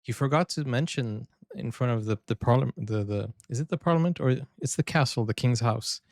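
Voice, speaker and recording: Excitable man reacting to sports news, dry sound. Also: medium pitch, a little fast, dry recording. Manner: excitable, chatty, often stumbles and restarts. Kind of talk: casual reaction commentary.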